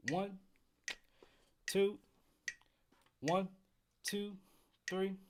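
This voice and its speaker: A man's voice: sits high, drawn-out words, background noise. Chatty man leading a livestream trumpet lesson. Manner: relaxed, chatty, counts in and reads viewer comments. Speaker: trumpet teacher hosting a livestream. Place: home. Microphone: headphones while streaming.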